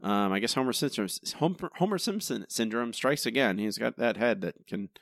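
A podcast co-host, this man has a creaky mid-range voice and speaks a little fast while critiquing a TV episode in casual, emphatic, animated talk with many restarts. There's no room sound, and the audio is studio quality.

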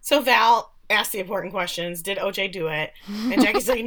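A woman's voice: mid-range voice, moderate pace, fairly bright tone. A woman casually recapping a TV episode. She talks loosely, swears freely and briefly mimics characters when quoting them.

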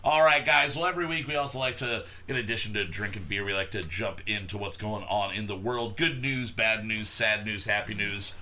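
A man's voice: lowish voice, fairly quick, hardly any pauses, bright, forceful tone, a little hiss or hum. A man hosting a casual podcast, reviewing a beer and chatting loosely with friends, joking and swearing freely. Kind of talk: casual chat.

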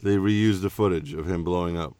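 A man's voice: deep voice, fairly quick, darkish tone, smooth, no echo, clean studio sound. A man hosting a casual movie podcast, teasing his co-host and joking, saying he is loaded. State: says he is intoxicated.

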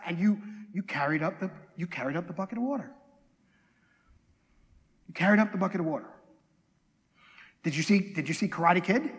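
High-voiced man preaching in an echoing hall. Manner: animated storytelling with restarts, self-deprecating asides. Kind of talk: sermon.

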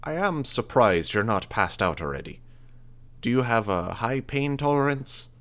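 A man's voice: mid-range voice, very animated, unhurried, a bit bright, voice pushed up. A man voicing a clinical male medic with a hard-to-place accent who puts hard emphasis on syllables. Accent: hard-to-place foreign accent.

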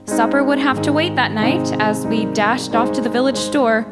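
A sensible, motherly eldest sister, played by a woman, narrates and soothes in a gentle, slightly high voice. Loud piano music plays beneath her. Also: moderate pace, natural voice. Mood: narrating. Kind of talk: first-person storytelling narration.

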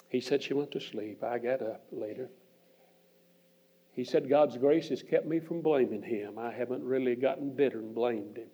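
An older man preaching a sermon in a church, earnestly retelling a story and dropping into hushed, near-whispered passages. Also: mid-range voice, breathy edge. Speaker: visiting preacher. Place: church sanctuary. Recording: muffled church archive recording.

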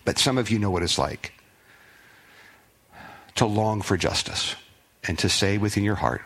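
A man's voice: on the low side, expressive, measured pace, long pauses, a bit bright. Conversational man preaching a sermon. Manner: conversational preaching, rises when reading scripture aloud. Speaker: pastor. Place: church sanctuary.

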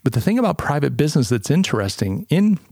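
A man's voice: fairly high pitch, big pitch swings, fast talker, vocal fry, darkish tone, no room sound, studio quality. A man hosting a podcast in an emphatic opinion monologue, firing off strings of rhetorical questions. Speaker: podcast host.

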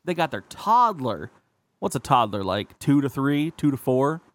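A man's voice: mid-range voice, sing-song, unhurried, no echo. A man co-hosting a podcast, telling rambling profane stories in casual chat and acting out the people he quotes. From California. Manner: rambling, swears a lot, acts out quoted people. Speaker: podcast co-host.

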